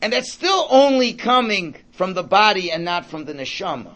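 A man teaches an informal Torah class, his voice pitched high and swinging widely. He talks conversationally, repeating words while thinking aloud and mixing in Hebrew and Yiddish terms. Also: big pitch swings, moderate pace, a bit bright.

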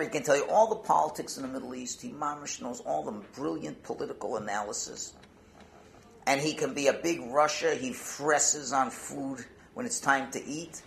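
A man, a rabbi, giving a Torah talk, telling a Hasidic story and peppering it with Yiddish and Hebrew words, his volume swinging from hushed to loud. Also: on the high side, vocal fry, a little hiss or hum.

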